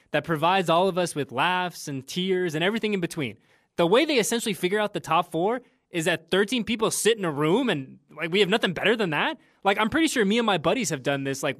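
A man's voice: on the high side, a bit bright, no echo. A man co-hosting sports talk radio from a studio, playful and theatrical with mock outrage. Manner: theatrical mock outrage, wrestling-promo cadence.

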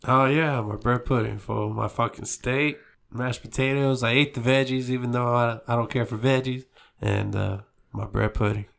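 Male co-host, gravelly, relaxed, swears and laughs easily. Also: medium pitch, normal speed. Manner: laid-back, profane, laughs often. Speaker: podcast co-host. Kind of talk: casual chat.

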